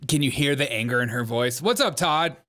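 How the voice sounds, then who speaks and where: A man's voice: mid-range voice, animated, a little fast, heavy background noise. A man hosting a comedic political commentary show, mocking and joking as he laughs along. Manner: jokey, mocking, laughs often.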